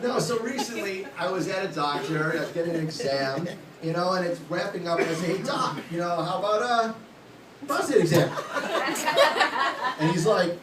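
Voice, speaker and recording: A man's voice: high voice, expressive, moderate pace, long pauses. A man in his late thirties doing a stand-up comedy set on a club stage, joking bluntly and crudely at his own expense. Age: late 30s. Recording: echoey room, distant mic, loud background noise.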